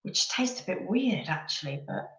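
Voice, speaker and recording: A woman's voice: on the low side, very animated, normal speed, fairly bright tone, roomy sound, lo-fi sound. A woman in her thirties from England, chatting casually and rambling a little as she hosts a live chat over coffee. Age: 30s.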